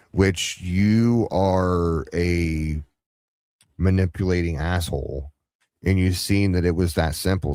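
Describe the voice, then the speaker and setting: A man hosting a livestream reaction, talking sarcastically and taunting, sometimes jumping up into high-pitched mockery. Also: dark tone, no room sound, clean studio sound. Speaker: livestream commentary host. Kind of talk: mocking reaction commentary.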